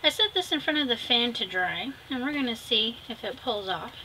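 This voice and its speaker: A woman's voice: a little high, lively intonation, normal speed, sharp tone, rough recording. A woman chatting casually through a craft tutorial, talking fondly to her viewers and laughing at herself. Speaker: craft vlogger. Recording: noticeable background noise.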